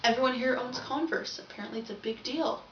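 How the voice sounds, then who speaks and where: A brisk young woman with a slightly high voice rambles through a chatty video diary, frequently correcting herself as a vlogger. The recording, made from a distance and off the mic, is echoey and dull with slight background noise.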